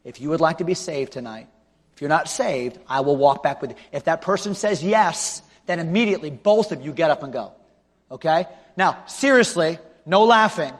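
A male pastor preaching a revival sermon with an altar call, swinging from loud shouting to hushed pleading. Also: a little high, expressive, moderate pace. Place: large church auditorium. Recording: long hall reverb.

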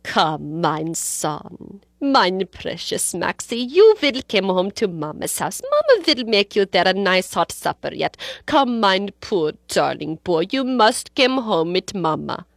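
A woman's voice: medium pitch, sing-song, slow pace, creaky, no room sound, studio quality, exaggerated voice. A woman voicing a scolding old mother-in-law. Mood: coaxing. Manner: scolding, heavily inflected. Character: angry domineering older immigrant mother-in-law.

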